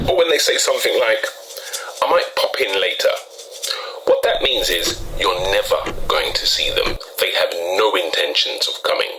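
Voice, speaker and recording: A man's voice: lowish voice, low-quality recording. A man with a British accent hosting a casual explainer video, talking with wry, chatty asides. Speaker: video host.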